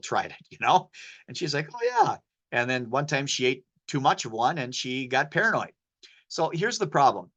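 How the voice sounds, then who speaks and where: A man's voice: medium pitch, fairly bright tone. Casual-talking man giving a medical lecture. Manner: casual, anecdotal, sprinkles in slang. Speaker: poison control specialist and presenter.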